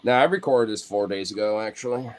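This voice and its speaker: With a fairly low voice and a quick pace, a video creator riffs on clips of his dogs. He gets excitable, cooing at them like babies, bursting out laughing, and dropping casual swear words.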